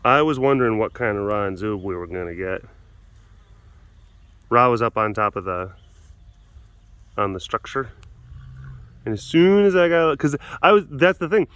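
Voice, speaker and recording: A man's animated voice sits on the low side, a bit bright and smooth, moving at normal speed with long pauses. He's vlogging casually from a big cat compound, filming through a glass door on a close-held phone, rambling, chuckling, and being self-deprecating.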